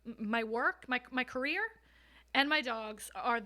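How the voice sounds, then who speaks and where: A woman's voice: fairly high pitch, measured pace, pushed and bright. A young woman guest telling her own story in a frank, casual way, swearing freely and laughing through hard moments. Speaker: podcast guest. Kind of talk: candid conversational storytelling.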